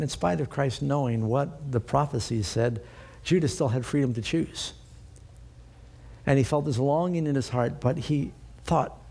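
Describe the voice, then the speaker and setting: A middle-aged man preaching a sermon, reading scripture aloud and slowing down to stress key points. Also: mid-range voice, gravelly, darkish tone, slightly rough. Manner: earnest preaching, slows for emphasis, reads scripture aloud. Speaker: pastor.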